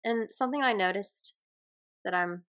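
A woman's voice: medium pitch, normal speed, a bit bright, clean tone. A woman with a Southern US accent, co-hosting a podcast in casual chat, talking in a reflective, earnest way that trails off with fillers. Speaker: podcast co-host.

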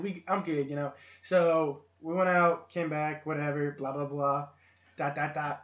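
Higher-voiced young man, chatty co-host. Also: level tone, a little slow, a bit bright. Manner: laughing, chatty recounting. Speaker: podcast co-host. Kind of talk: casual chat. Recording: lo-fi echoey room.

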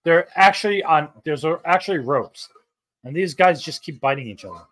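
Lively, wisecracking man. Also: a little high, normal speed. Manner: quizzical, crude, wisecracking. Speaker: podcast co-host. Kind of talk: casual movie watch-along banter.

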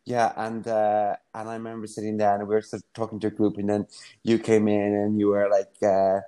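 A man's voice: lowish voice, a little fast, clean tone. A young man, a guest, telling stories casually with frequent laughter. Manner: relaxed, giggly storytelling. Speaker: podcast guest, actor and writer. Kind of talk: casual chat between friends. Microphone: remote call app.

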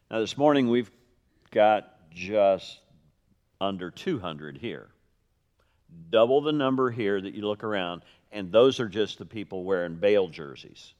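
A male pastor preaches to his congregation, swinging his pitch up and down as he acts out the quoted lines. He mixes in wry asides and jokes. His voice carries a long reverb from the sanctuary. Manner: animated storytelling with quoted voices and dry jokes. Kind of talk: sermon. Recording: reverberant hall.

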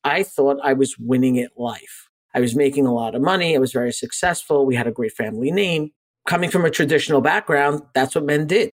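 A man in his forties, a life coach appearing as a podcast guest, telling a personal story earnestly and candidly, animated when he retells conversations. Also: medium pitch, fairly quick.

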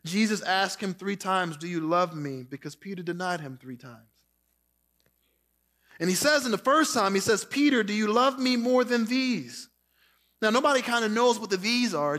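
A man preaching a sermon, reading scripture and acting out quoted lines, dropping soft and slow for tender words. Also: high-pitched. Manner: preaching with dramatic quoted voices, drops soft for Jesus' words. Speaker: pastor.

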